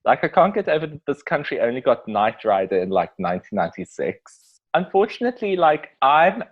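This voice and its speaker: A young South African man on a podcast, telling jokey stories fast, with a lot of "like" in his sentences. His voice sits at an ordinary pitch, and the recording sounds slightly dull and muffled. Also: big pitch swings. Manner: quick, jokey, full of "like". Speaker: podcast guest, pop artist. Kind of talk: casual chat.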